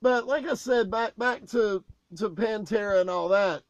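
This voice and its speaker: Loud, high-voiced man swearing through stories. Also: measured pace, no room sound, muffled recording. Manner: loud, swearing, animated retelling with raised outbursts. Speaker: podcast co-host telling stories. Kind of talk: casual profane storytelling.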